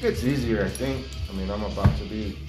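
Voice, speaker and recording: A man's voice: fairly low pitch, fairly quick, over loud music. A man in his forties talking candidly in a rambling monologue, blunt and heavily profane. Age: 40s.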